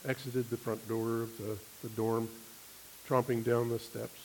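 Male preacher, middle-pitched, animated storyteller, slight hiss on the recording. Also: measured pace, poor audio. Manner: animated storytelling, laughing, acting out quoted voices. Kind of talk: sermon with personal story.

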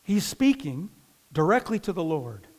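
A man's voice: high voice, very animated, measured pace, darkish tone. A man from northern Indiana, a pastor, preaching a conversational sermon in a church and talking directly to the congregation. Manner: conversational preaching, frequent restarts and asides to the congregation.

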